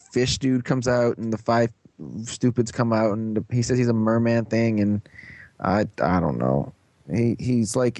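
A man casually recapping a cartoon episode as podcast co-host, rambling and acting out lines in quick voices. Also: on the low side, a little mellow, no room sound.

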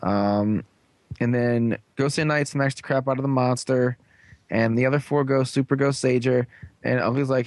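A young man hosts the show and recaps an episode in a rambling, filler-heavy way with sarcastic asides. His voice sits at a middle pitch, and the recording is close and dry, with no room sound. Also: fairly even intonation, moderate pace, darkish tone, no echo. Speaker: show host.

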